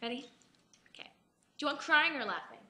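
A young woman chats and giggles between impressions in a very bright, high voice. She sounds playful and casual, as if among friends. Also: big pitch swings, brisk, a little hiss or hum. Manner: playful, giggly, breaks into song.

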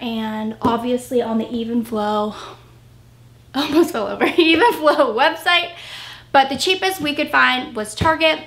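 A woman's voice: fairly high pitch, fairly bright tone. A young woman, pregnant and a little out of breath, chatting casually through an unboxing video at home, with an upbeat manner and plenty of fillers. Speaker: vlogger. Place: home room, indoors. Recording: roomy echo, faint noise.

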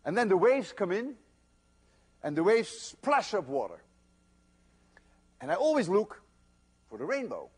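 An older man giving a university physics lecture, telling stories in an animated, emphatic way. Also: high-pitched, unhurried, long pauses, slightly rough. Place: lecture hall.

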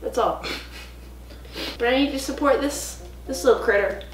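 Young woman, vlog co-host, chatty with lots of fillers, bright-pitched, roomy sound. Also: normal speed, slight background noise. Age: young adult. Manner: chatty, laughing, many fillers. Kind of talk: casual couch chat. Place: home living room couch.

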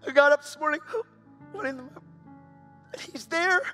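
High, bright-voiced animated male preacher. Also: normal speed, faint music behind. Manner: animated, voice rising to loud shouts when excited. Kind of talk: sermon storytelling.

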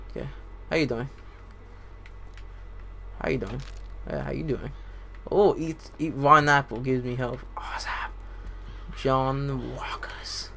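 A young man giving casual, excitable gameplay commentary, swearing and talking to himself as he plays. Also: mid-range voice, creaky, a little hiss or hum. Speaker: let's play gamer.

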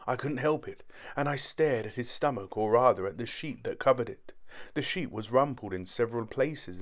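Man narrating a story aloud. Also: medium pitch. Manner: steady first-person telling. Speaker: audiobook narrator.

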